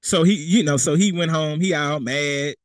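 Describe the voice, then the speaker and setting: Preaching conversationally, a young man uses plain speech peppered with street slang and acts out other people's words. He has a fairly high voice and a moderate pace, with no echo on the recording.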